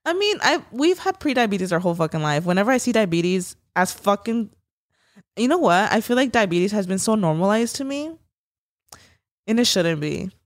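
A woman's voice: mid-range voice, sing-song, moderate pace, no echo, clean studio sound. A young woman co-hosting a podcast, chatting casually with lots of fillers and swearing. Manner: swearing, filler-heavy, giggly. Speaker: podcast co-host. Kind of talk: casual chat.

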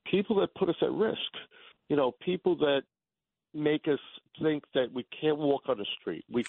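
Male call-in listener, halting storyteller, heard over a thin phone line. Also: medium pitch, no room sound. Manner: rambling, stammering, storytelling. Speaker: caller. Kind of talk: call-in radio chat.

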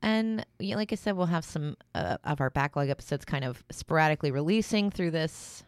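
A woman's voice: deep voice, animated, brisk, no room sound, studio quality. A young adult woman co-hosting a comedy podcast, playful and laughing with absurd asides. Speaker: podcast co-host. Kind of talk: casual comedy chat.

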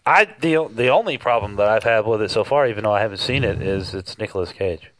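A man's voice: fairly low pitch, animated, fast, fairly bright tone, no echo, low-quality recording. A man co-hosting a radio show, questioning and poking at the others in casual banter.

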